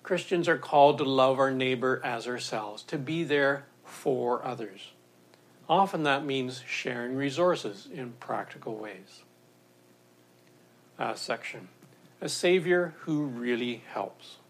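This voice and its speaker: A man preaching a sermon in a measured, earnest storytelling manner. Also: mid-range voice. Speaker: pastor.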